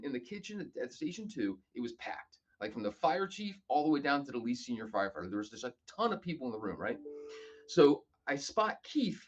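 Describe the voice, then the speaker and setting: A man telling stories casually as a podcast guest, animated and acting out other people's lines. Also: mid-range voice, muffled recording. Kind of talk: casual storytelling.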